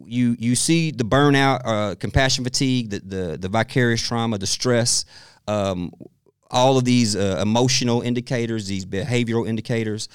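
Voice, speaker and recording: A middle-aged man with a smooth, resonant voice, sitting in as a guest on a podcast. He tells stories in an animated, chatty way, slipping into laughter often. His voice sits at an everyday pitch, recorded close and dry. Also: moderate pace, dry recording. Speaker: guest expert. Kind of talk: podcast interview conversation.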